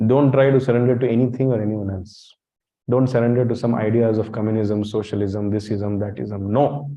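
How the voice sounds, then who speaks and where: A man's voice: mid-range voice, fairly even intonation, fairly quick, dark tone. Blunt teasing male temple lecturer. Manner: blunt, teasing, quizzes the audience. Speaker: monk lecturer. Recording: dull lo-fi recording.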